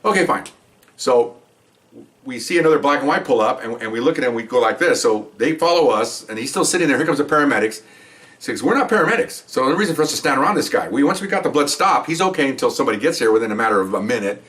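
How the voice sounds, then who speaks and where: Recorded from afar, an older male ex-officer tells job stories casually to the camera at a quick pace. He's animated throughout, performing what others said in a raised pitch.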